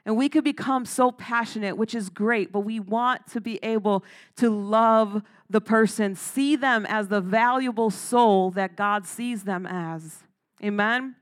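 Unhurried and mid-range in pitch, a woman preaches with emphasis. She laughs between points and calls to the congregation, asking "Amen?" and urging "Come on."

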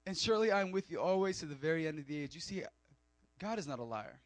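A man preaching a sermon, animated with joking asides and loud emphatic peaks. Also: a little high, quick pace, no echo. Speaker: pastor.

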